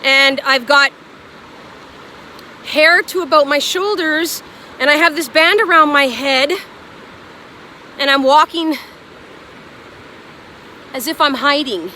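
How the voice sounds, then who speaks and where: In a casual spiritual vlog, a woman channels light language for her viewers, gushing earnestly and repeating affirmations. Her high, pushed, bright voice comes out haltingly, with many restarts, over slight background noise.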